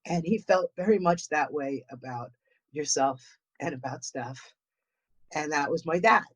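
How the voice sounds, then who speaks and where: A woman's voice: low voice, unhurried, breathy edge. Rambling woman with a New England accent. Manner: rambling, repeats words and restarts often. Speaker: guest paranormal investigator. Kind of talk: casual chat. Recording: dull lo-fi audio.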